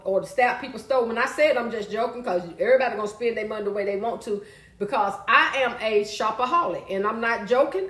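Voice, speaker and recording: A woman hosting a casual live stream, chatty and loud, calling out to viewers and reading their comments. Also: fairly high pitch, reverberant.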